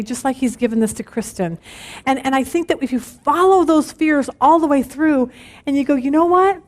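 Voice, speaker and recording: A middle-aged woman leads a women's Bible study. Her voice sits high and bright, and she tells her stories in an animated way. She keeps checking in with the group as she goes. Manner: animated, storytelling with frequent "okay?" check-ins.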